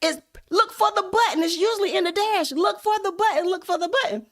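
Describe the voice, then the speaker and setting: A man's voice: very high voice, a little fast, a bit bright, pitched above the performer's own voice. A woman voicing a helpful male mechanic in work coveralls, patiently repeating instructions. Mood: earnest.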